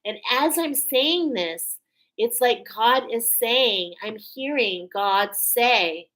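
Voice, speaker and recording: A woman's voice: medium pitch, animated, takes it slowly, fairly bright tone, rough recording. A woman giving a spiritual oracle card reading to her viewers, earnest and soothing, often checking in with "okay?".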